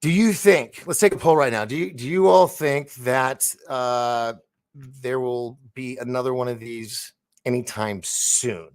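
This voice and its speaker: Speaking at medium pitch and a measured pace, a livestream host keeps things casual, rambling and chatting as he reads through the chat. He laughs frequently along the way.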